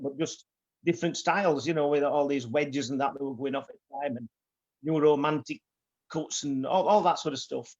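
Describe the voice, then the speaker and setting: A man's voice: fairly high pitch, darkish tone. Older man, rambling anecdotes. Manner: rambling anecdotes with many fillers. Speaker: guest barber. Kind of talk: casual storytelling. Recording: dull lo-fi sound.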